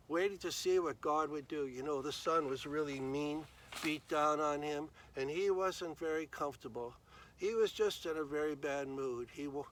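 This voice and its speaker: A man giving a folksy, conversational devotional, retelling a Bible story in a homey way and often clearing his throat. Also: on the high side, fairly bright tone, slight background noise, rough recording. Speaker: devotional speaker.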